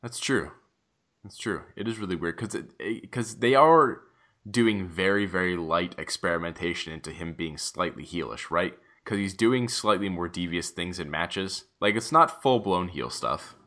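A man co-hosting a casual podcast chat, swearing freely and acting out quotes in an animated way. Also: deep voice, moderate pace. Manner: animated, swears freely, acts out wrestlers' lines. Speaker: podcast co-host.

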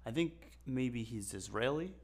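A man's voice: medium pitch, expressive, unhurried. A man in his twenties co-hosting a podcast, joking and rambling in casual chat. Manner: jokey, rambling, teasing. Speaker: podcast co-host.

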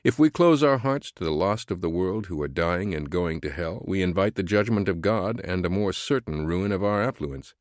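A man with a very low voice reads an audiobook in an earnest, measured way, like a preacher. The sound is close and dry, with no room echo. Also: lively intonation. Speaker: audiobook narrator. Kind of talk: scripted audiobook narration.

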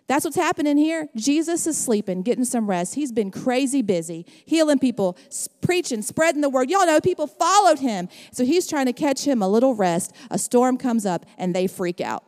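A woman's voice: mid-range voice, expressive, moderate pace, darkish tone, in a large hall. A middle-aged woman preaching a sermon, calling out to her congregation with rising passion. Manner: impassioned, calls out to the congregation. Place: church sanctuary.

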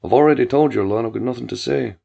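A man's voice: mid-range voice, quick pace, vocal fry, breathy edge. A man voicing a cocky, defiant crime clan boss who swears freely. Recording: dull lo-fi with faint music.

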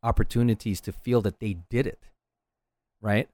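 A middle-aged martial arts instructor speaks earnestly on his casual solo podcast, with a fairly low, steady, slightly mellow voice at normal speed in a dry recording. His tone is that of a coach, and he often checks in with "right?"

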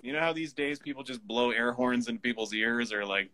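A man's voice: medium pitch, fairly quick, bright, forceful tone. A man co-hosting a casual movie podcast, cracking sarcastic jokes. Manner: joking, sarcastic asides. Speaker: podcast co-host.

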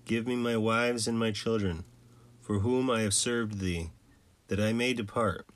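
A man reading the lines of Jacob, a weary, hard-working ancient patriarch, in a plain, measured voice. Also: lowish voice, fairly even intonation, no room sound, natural voice. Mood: firm.

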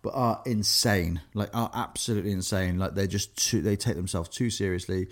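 A young man with a deep, brisk voice co-hosts a podcast. He chats casually and rambles, full of fillers and restarts.

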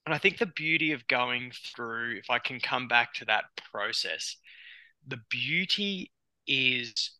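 A man with an Australian accent, a psychologist guest on a podcast, talking in a lively way with frequent restarts and acted-out quotes. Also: medium pitch, moderate pace, hardly any pauses, no room sound, poor audio. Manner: animated, acts out clients' inner voices, many restarts. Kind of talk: conversational podcast interview.

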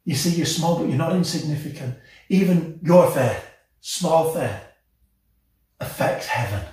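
Impassioned male preacher, picked up from a distance in a very echoey hall. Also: mid-range voice. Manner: passionate, rising to emotional peaks then dropping soft. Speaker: pastor. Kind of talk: sermon.

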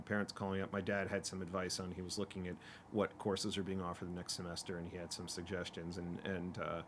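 A man in his fifties with a very low voice, chatting casually and rambling through childhood stories with plenty of fillers and restarts. Faint ambience sits under his voice. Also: a little hiss or hum. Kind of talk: casual chat.

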